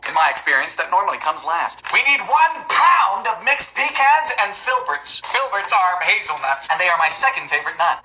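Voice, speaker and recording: A man hosting a comedic baking video, reading out old recipes with dry, deadpan one-liners and sudden excited squeals. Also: high-pitched, poor audio. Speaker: home baking video host. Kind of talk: comedic recipe-testing vlog narration.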